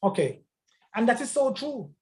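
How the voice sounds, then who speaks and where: A man's voice: very high-pitched, very animated, moderate pace, a little mellow. A man teaching a church life-skills class in a conversational way, emphatic and often repeating words.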